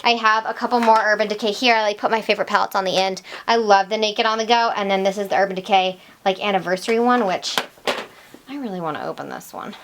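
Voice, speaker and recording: A young woman vlogger chatting casually to camera about her makeup collection, swinging between excited and tired asides. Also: mid-range voice, fast. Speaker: beauty vlogger.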